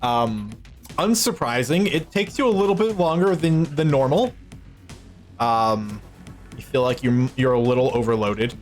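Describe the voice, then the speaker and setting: A man narrating as game master of a tabletop game, relaxed, with frequent stammered restarts. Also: mid-range voice, unhurried, faint music behind. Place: home streaming setup.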